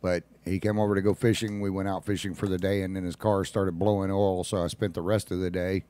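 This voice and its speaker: A man hosting a casual talk radio show, folksy and quick to laugh at his own jokes. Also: deep voice, little pitch movement, warm tone.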